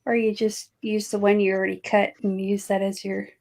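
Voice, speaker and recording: A woman's voice: mid-range voice, flat delivery, a little fast, vocal fry, darkish tone, low-quality recording. A middle-aged woman chatting casually as she makes art on a live stream, laughing often and poking fun at herself. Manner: chatty, laughs often, self-mocking asides. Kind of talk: casual chat while making art.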